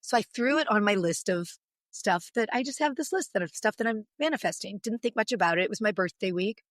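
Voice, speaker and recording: A woman in her forties, a podcast guest, telling a long, emotional story in an animated, long-winded way. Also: mid-range voice, fast, dry recording, clean studio sound.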